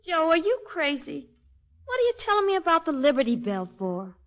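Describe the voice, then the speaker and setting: A woman's voice: high-pitched, huge pitch swings, normal speed, fairly bright tone, heavily acted. An actress playing a worried young woman waiting for her man, in a 1940s radio drama. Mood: anxious.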